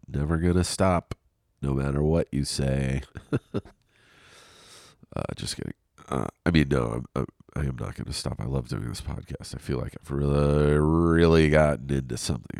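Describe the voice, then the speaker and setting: Man, very low voice, stuffed-up nose, rambling podcast chat, cursing, dry close sound. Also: expressive, moderate pace, gravelly, a little mellow, no room sound. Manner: rambling, profane, self-deprecating. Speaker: podcast host. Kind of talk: casual solo podcast monologue. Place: lying on his couch at home.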